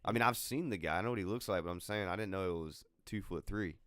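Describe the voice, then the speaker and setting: A man's voice: low-pitched, fast, fairly bright tone, no echo, studio quality. A man co-hosting a podcast, reacting in a laid-back way and asking short questions in casual chat. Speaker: podcast co-host.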